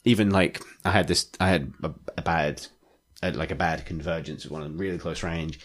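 A man's voice: very deep voice, brisk. A man co-hosting a podcast, chatting in a rambling, enthusiastic way with lots of fillers. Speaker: podcast co-host. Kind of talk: casual chat.

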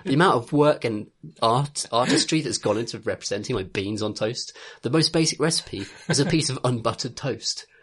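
A man's voice: medium pitch, animated, normal speed, hardly any pauses, husky. A young man co-hosting a casual podcast chat, rambling with lots of fillers and laughter. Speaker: podcast co-host.

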